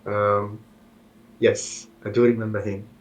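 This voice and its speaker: A man playing a tabletop game who speaks haltingly, with many ums and uhs. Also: on the low side, flat delivery, poor audio. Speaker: player. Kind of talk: in-character tabletop play.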